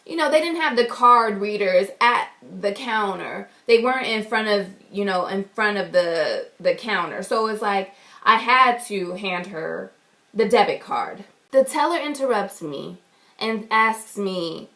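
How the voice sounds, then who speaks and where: A woman's voice: fairly high pitch, lively intonation, unhurried, fairly bright tone. A woman vlogger telling a story in an indignant, emphatic way, swearing freely. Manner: indignant, emphatic and profane retelling. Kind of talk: storytime vlog.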